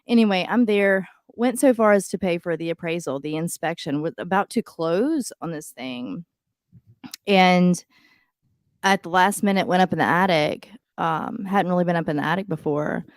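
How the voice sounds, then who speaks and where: A woman chats on a podcast, rambling through stories full of fillers. Her voice sits on the low side. The sound is close and dry. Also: moderate pace, no room sound. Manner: chatty storyteller, lots of "like" and "um". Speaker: podcast co-host. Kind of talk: casual chat.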